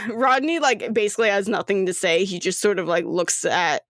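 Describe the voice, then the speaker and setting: A woman's voice: medium pitch, steady tone, normal speed, a bit bright, no echo, studio quality. A young adult woman narrating a tabletop game as game master, giggly and rambling.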